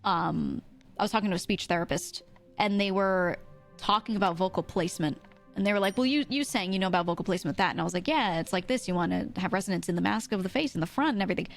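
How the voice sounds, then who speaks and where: A woman's voice: mid-range voice, quick pace, creaky, soft background music. Chatty swearing young woman streamer. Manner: chatty, swears, laughs often, many fillers. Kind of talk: casual live-stream chat.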